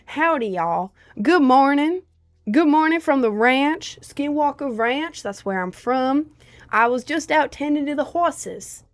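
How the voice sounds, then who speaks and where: A hammy, drawling rancher with a put-on Southern US twang, as a woman puts him on. His voice sits higher than her usual speech. He talks in a folksy, welcoming way. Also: expressive, measured pace, no room sound.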